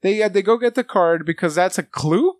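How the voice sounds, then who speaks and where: A man's voice: sits high, a little fast. A man co-hosting a casual podcast, reviewing a movie with crude jokes and frequent laughter. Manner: crude, joking, laughs often. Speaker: podcast co-host.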